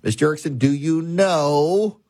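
A man putting on a demanding professor: high, clipped, husky. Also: measured pace, a little mellow, no echo, clean studio sound. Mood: stern. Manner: drilling questions, clipped. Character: stern male law professor, exacting.

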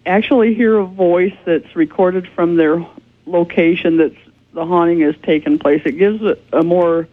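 A paranormal investigator calling in as a radio guest, explaining earnestly. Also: female voice, on the low side, steady tone, normal speed. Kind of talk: radio interview. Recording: tinny phone line.

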